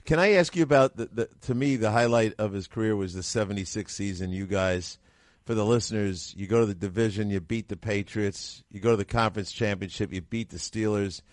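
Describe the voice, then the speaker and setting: A man's voice: on the low side, brisk, no room sound, studio quality. A male radio host asking questions, eagerly reciting stats and leading into each question.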